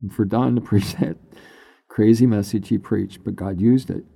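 An older man, a pastor, telling his personal testimony in an unhurried, halting way that turns emotional at times. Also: fairly low pitch, steady tone, gravelly, mellow, breathy edge, no echo, clean studio sound. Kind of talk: personal testimony, conversational storytelling.

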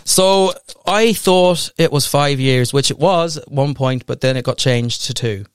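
A man's voice: medium pitch, measured pace, smooth, dry recording, clean studio sound. A young Irish man in casual chat, rambling and swearing freely as he tells stories. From Ireland.

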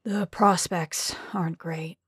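A weary young husband, moody and downbeat, who mutters his lines low and quiet, as a woman reader puts him on. The storybook voice sits dry and close, with hardly any room around it. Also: fairly even intonation, unhurried, slightly rough, no echo. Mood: glum.

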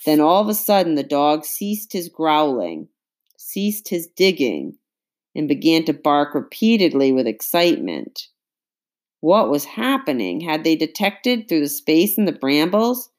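A woman narrating an audiobook chapter in a measured, suspenseful way. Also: deep voice, big pitch swings, darkish tone.

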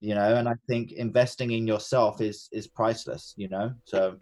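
A man's voice: lowish voice, steady tone, moderate pace, darkish tone, a little hiss or hum. A man co-hosting a podcast, talking in an earnest, reflective way with fillers and restarts. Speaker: podcast co-host and coach. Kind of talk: casual podcast chat.

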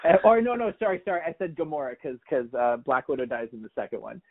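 A man's voice: a little high, big pitch swings, fast. A man hosting a podcast, chatting casually and telling stories with lots of restarts and quoted back-and-forth. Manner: rambling storyteller, many restarts and quoted voices. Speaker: podcast host. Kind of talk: casual chat. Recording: tinny phone-like sound.

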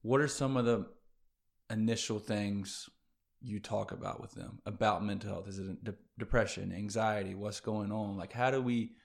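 Lower-voiced male interview host. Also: fairly even intonation, moderate pace, creaky. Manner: attentive, brief affirmations. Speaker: podcast host. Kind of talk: casual interview.

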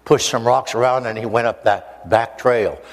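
An older man preaches by telling a personal story, animated and playful, acting out the people in it. His voice sits in the middle range and rings through a hall with a long reverb. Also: medium pitch, normal speed. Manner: animated storyteller, acts out voices, jokes with audience. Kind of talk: storytelling testimony sermon.

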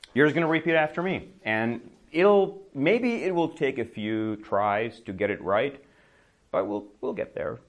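A man teaching a conversational English lesson, telling a story casually and acting out what people mutter. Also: mid-range voice. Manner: storytelling, acts out mumbling voices, laughs often; bilingual, switches to Czech to explain.

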